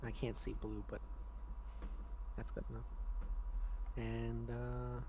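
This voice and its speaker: A player in a tabletop game who talks hesitantly, with lots of fillers, and sounds expressive. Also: mid-range voice, takes it slowly, noisy background. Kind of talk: casual tabletop play.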